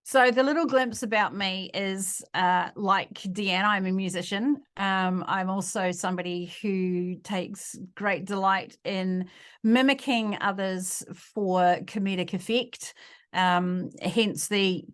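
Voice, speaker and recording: Older New Zealand woman, playful guest, chatty with easy laughter, medium pitch. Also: steady tone, slow, fairly bright tone. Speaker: guest author. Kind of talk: casual interview chat.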